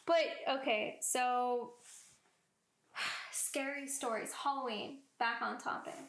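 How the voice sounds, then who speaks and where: A woman's voice: fairly high pitch, takes it slowly, echoey room. A woman co-hosting a podcast, telling stories in casual chat and acting out what people said. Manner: animated storyteller, acts out quotes. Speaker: podcast co-host.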